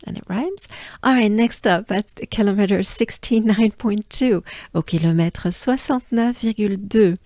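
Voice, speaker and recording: A woman from France with a French accent, patiently teaching pronunciation, repeating each word and sometimes dropping to a soft breathy voice to demonstrate. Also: mid-range voice, measured pace, no echo. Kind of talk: slow, patient pronunciation lesson.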